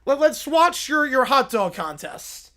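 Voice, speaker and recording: A man hosting a livestream, narrating improvised comedy sketches in a rapid mock-sportscaster manner. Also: very high-pitched, very animated, sharp tone. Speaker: livestream host.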